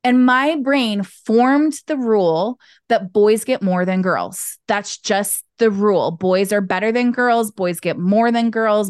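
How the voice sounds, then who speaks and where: A middle-aged woman talks casually on a podcast. Her voice sits a little high and bounces up sharply whenever she acts out a child's voice. The sound is close and dry, with no room around it. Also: no echo. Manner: animated, acts out childhood voices with jumps in pitch. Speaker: podcast guest, business owner. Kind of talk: casual conversational storytelling.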